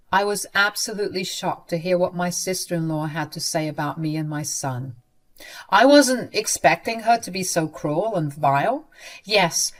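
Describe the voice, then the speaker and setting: A woman narrating a first-person story in a subdued, earnest way. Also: fairly low pitch.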